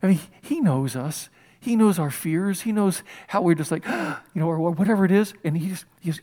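A male pastor delivers a lively, conversational sermon, throwing questions out to his listeners as he retells a Bible story. His voice sits high for a man. He talks in an animated way. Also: normal speed.

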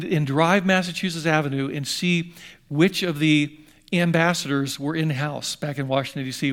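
A man's voice: a little high, fairly bright tone. Rambling older male pastor. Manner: conversational, rambling with restarts. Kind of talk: sermon.

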